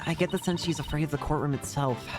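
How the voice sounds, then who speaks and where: A man's voice: fairly high pitch, fast, loud music behind the voice, pitched above the performer's own voice, close to an everyday voice. A man voicing an upbeat young female defense attorney in a game, speaking in a raised, lighter voice. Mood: caring. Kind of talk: video game voice acting.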